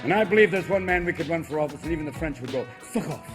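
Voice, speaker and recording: A man doing stand-up comedy, switching rapidly between voices and shouting punchlines before a live audience. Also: fairly high pitch, lively intonation. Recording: live stage mic with music and crowd laughter.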